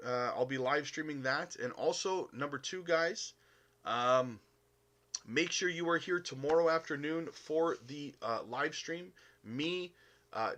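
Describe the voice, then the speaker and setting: A Canadian man talks loosely through a live stream, reading chat and calling everyone buddy. His voice sits at an ordinary pitch but has a bright edge, and he fills gaps with plenty of uhs and ums. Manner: upbeat, chummy, calls viewers buddy, many uh fillers. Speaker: crypto live stream host.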